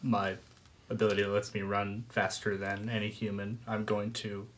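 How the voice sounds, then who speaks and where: A man's voice: fairly low pitch, flat delivery, normal speed, fairly bright tone, slight background noise. A man playing a tabletop game, earnest, often speaking in character as his agent. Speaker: player.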